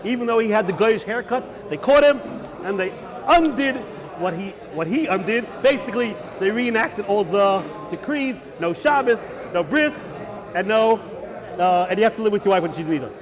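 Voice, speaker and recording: A rabbi teaching a class, animated and chatty as he retells a story. His voice is fairly high for a man. The recording picks up a full room of listening students. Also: normal speed, crowd noise. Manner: animated, conversational, uses Hebrew and Yiddish terms.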